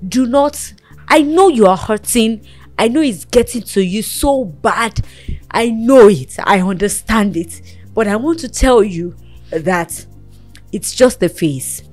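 A woman's voice: medium pitch, lively intonation, takes it slowly, darkish tone, faint music behind. A woman hosting a talk show, earnestly counselling and encouraging a guest in a motherly, preaching way.

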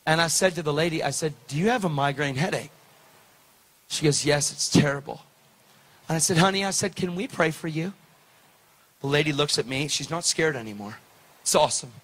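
A man preaching, telling a story with lively, preacherly delivery and acted-out dialogue. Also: a little high. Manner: animated, preacherly, acts out dialogue. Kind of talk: sermon storytelling.

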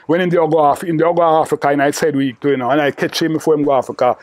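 In broad patois, an older Jamaican man rambles through memories of an old friend and the old days, repeating himself and saying "you know" in nearly every line. His somewhat high voice stays steady in tone while he talks very fast. The recording is dry and close, with no room sound.

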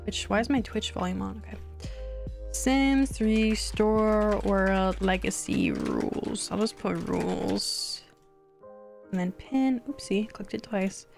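A woman's voice: mid-range voice, slow pace, gravelly, faint music behind. Chatty young woman streaming a game. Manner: chatty, rambling, easily excited. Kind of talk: casual gameplay commentary.

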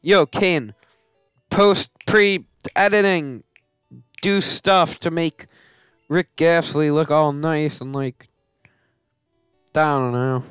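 A man's voice: a little high, drawn-out words, long pauses, fairly bright tone, smooth, no echo, studio quality, soft background music. A man hosting a game let's play, giving casual commentary that turns into melodramatic grumbling and self-mocking rants.

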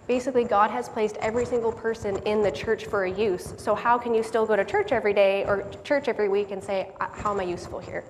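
A woman giving a sermon in a church hall, earnest and quick to laugh at herself. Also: medium pitch, a little hiss or hum. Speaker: lay speaker giving a church message. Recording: long hall reverb, faint background ambience.

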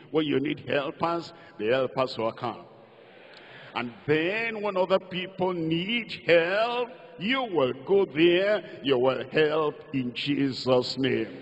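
An older man with a Nigerian accent, a pastor, delivers a sermon in a fairly high voice at a slow pace, leading call-and-response and sing-song declarations. It's a lo-fi recording made in a hall.

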